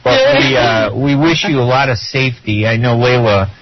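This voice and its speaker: A man with a Chicago accent co-hosting a radio show, joking and relaxed. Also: mid-range voice, moderate pace. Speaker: radio co-host. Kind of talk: radio interview sign-off. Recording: muffled radio audio with clear hiss.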